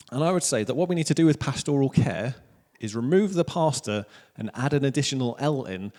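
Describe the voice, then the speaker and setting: A man in his thirties with a Welsh accent, preaching a relaxed sermon with jokes at his own expense. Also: mid-range voice. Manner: casual, joking, self-deprecating preaching. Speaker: pastor. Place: church hall. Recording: long church hall reverb.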